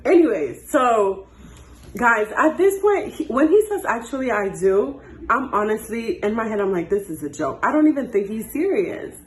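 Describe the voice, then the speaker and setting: A young woman in her twenties chats through a dramatic dating story, acting out each line of dialogue. Her voice sits a little high. The room around her sounds echoey. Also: normal speed. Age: 20s. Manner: animated, acts out dialogue. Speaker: storytime host. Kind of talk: casual storytime chat.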